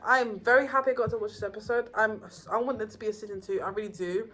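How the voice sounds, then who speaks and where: A woman casually reviewing TV episodes, rambling and excitable with many fillers and restarts. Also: mid-range voice, quick pace, noisy background. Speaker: YouTuber reviewing TV shows.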